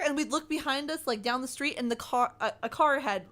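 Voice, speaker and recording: A woman co-hosting a podcast, telling a story in a lively, giggly way. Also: high-pitched, brisk. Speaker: podcast co-host. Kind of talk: casual chat.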